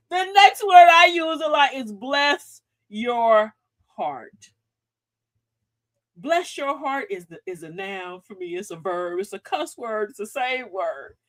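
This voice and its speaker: A woman's voice: a little high, expressive, slow, a bit bright, dry recording. A woman hosting a live advice show, sassy and preachy, who laughs often and calls her listeners sis and queen. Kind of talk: livestream advice talk.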